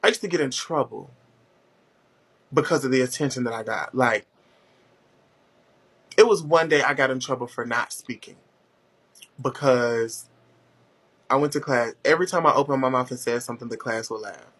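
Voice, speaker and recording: A man hosting a casual chat, telling stories in a loud, profane, animated way with big jumps in pitch. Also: moderate pace, long pauses, slightly rough. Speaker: host.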